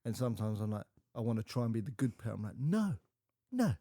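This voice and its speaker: A man's voice: fairly low pitch, level tone, very fast, mellow, no room sound, clean studio sound. A man co-hosting a podcast, telling family stories in casual, sweary chat and imitating relatives. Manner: swearing, storytelling, mimics family voices. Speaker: podcast co-host.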